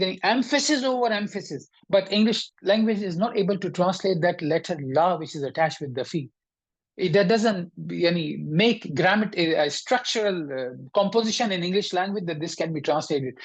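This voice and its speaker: Woman teacher, online grammar lesson, patient and explanatory, hesitant fillers, frequent check-ins. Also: fairly low pitch. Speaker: Arabic teacher.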